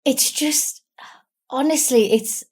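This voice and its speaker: Young woman, tearful, halting, fairly high voice, from England. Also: darkish tone. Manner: candid, halting, with giggles. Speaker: guest. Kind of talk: emotional interview.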